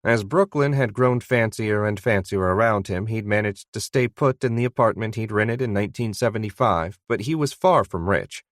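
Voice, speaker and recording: A man reading an audiobook in first person, with conversational, steady storytelling. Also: on the low side, normal speed, hardly any pauses, no echo, studio quality. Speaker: audiobook narrator. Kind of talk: first-person scripted narration.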